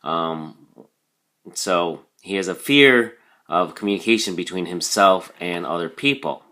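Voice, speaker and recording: A man's voice: deep voice, unhurried, bright, forceful tone. A man teaching a recorded vocabulary lesson, explaining patiently with frequent ums and "okay?" check-ins.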